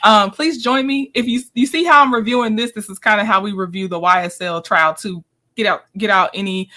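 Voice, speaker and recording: Bright-voiced woman hosting live commentary. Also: mid-range voice, a little fast. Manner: chatty, laughs often, talks to her chat. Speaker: commentary host. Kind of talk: live-stream commentary, recapping clips.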